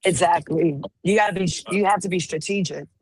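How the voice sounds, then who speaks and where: A slightly hoarse woman chatting casually as a call-in panelist, teasing playfully as she tells stories. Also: fairly low pitch, a little fast. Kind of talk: casual chat.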